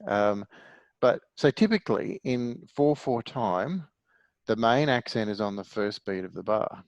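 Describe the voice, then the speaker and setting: A man's voice: fairly low pitch, animated, unhurried, highs cut off. A middle-aged man teaching music theory in a patient, explanatory way, often putting questions to his class. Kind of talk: online music theory lesson.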